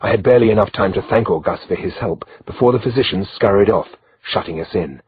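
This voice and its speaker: A man reading a medieval novel aloud as an audiobook narrator, in a steady, measured way. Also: fairly low pitch, narrow, tinny audio, slight background noise.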